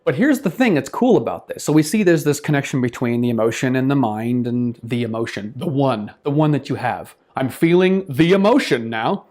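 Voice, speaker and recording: A man hosting his own self-improvement channel, reviewing a book in casual talk to the camera. He talks in an animated way, acts out his examples and swears offhandedly. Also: medium pitch, moderate pace, hardly any pauses.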